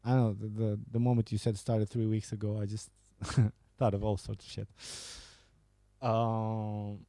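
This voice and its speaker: A man's voice: fairly low pitch, level tone, measured pace, mellow, no echo. A man hosting a podcast, casually reading out and joking about viewer messages, laughing and swearing often. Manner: laughing, profane, banter. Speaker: podcast host.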